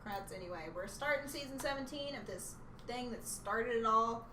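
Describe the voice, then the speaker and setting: A woman's voice: on the high side, moderate pace. A young woman co-hosting a casual fan podcast, bubbly and rambling, often laughing. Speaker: podcast co-host. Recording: echoey room, mic far off, noisy.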